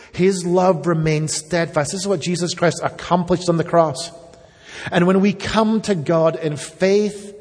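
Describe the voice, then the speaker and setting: Husky-voiced man preaching in a reverberant hall. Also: fairly high pitch, darkish tone. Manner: earnest, emphatic preaching, addresses children directly. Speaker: pastor. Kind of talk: sermon. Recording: long reverb of a church hall.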